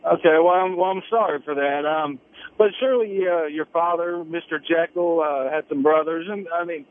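A man's voice: a little high, moderate pace. A man with a Southern American accent from North Carolina, calling in to a radio show, polite and hesitant with many fillers. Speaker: caller. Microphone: telephone. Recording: dull, lo-fi phone line.

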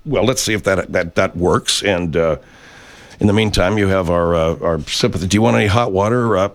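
A man's voice: sits low, brisk. A man hosting a comedy talk radio show, speaking in a hesitant, mock-earnest way with frequent restarts.

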